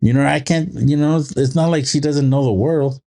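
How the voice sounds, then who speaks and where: A man in his thirties chatting casually on a podcast, with a mid-pitched voice. He rambles through stories in loose, looping sentences and acts out a child's lines with quick jumps in pitch. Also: fairly even intonation, vocal fry, dark tone. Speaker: podcast co-host. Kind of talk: casual chat.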